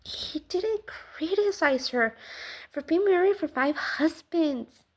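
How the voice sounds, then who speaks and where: A woman giving a casual faith talk to the camera, swinging from loud exclamations to soft near-whispers. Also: very high-pitched, lively intonation, takes it slowly. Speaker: Christian vlogger.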